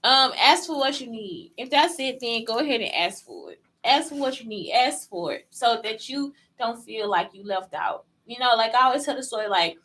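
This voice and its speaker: A woman's voice: a little high, expressive, normal speed, hardly any pauses, fairly bright tone, poor audio. A woman hosting a casual solo podcast, blunt and profane, firing rhetorical questions straight at her listeners. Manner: talks straight to listeners as "y'all". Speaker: podcast host.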